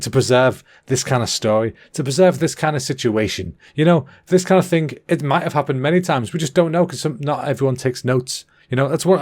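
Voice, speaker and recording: Rambling, sweary English podcast host. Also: male voice, medium pitch, darkish tone. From England. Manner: rambling, sweary, cheeky, self-interrupting. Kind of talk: rambling solo comedy monologue.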